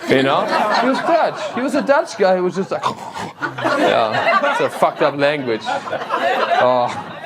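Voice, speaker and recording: A man's voice: fairly high pitch, very animated, moderate pace, heavy background noise. A German man doing stand-up crowd work, playful and teasing, laughing often. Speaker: stand-up comedian. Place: comedy club stage. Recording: loud crowd laughter behind.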